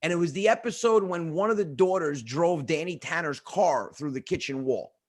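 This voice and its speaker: A man's voice: a little high, normal speed. A man, a guest comedian telling family stories in casual chat and acting out the people in them. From New York. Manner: animated, acts out family members in different voices.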